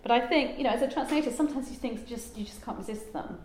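A woman's voice: on the high side, fast, a little mellow, a little hiss or hum. A woman giving an informal lecture as a translator, chatty and digressive, with lots of ums and asides. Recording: echoey room with faint ambience.

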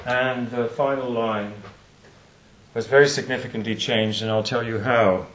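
An older man giving reflective closing remarks at a conference, and slowing down to stress lines of poetry. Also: mid-range voice, steady tone, a bit bright, a little hiss or hum. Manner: reflective, recites poetry with slow emphasis. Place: lecture room. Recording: roomy hall echo.

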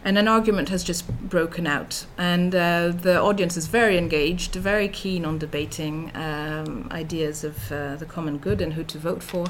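A middle-aged woman delivers an academic lecture in a somewhat low voice, thinking aloud with many fillers and restarts. A faint noise sits behind her voice. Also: steady tone, normal speed, few pauses. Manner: thoughtful, with frequent fillers and restarts. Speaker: researcher giving a talk.

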